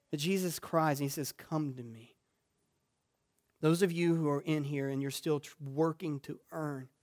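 High-voiced man preaching with rising fervor. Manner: builds from quiet reflection to loud, exclamatory preaching. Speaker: pastor. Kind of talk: sermon. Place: church sanctuary.

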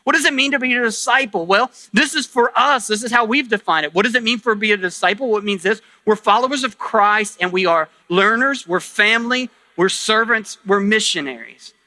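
Bright-voiced preaching man. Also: sits high, fairly quick, few pauses, no room sound. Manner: emphatic preaching with rhetorical questions and repetition. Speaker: pastor. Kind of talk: sermon. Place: church sanctuary.

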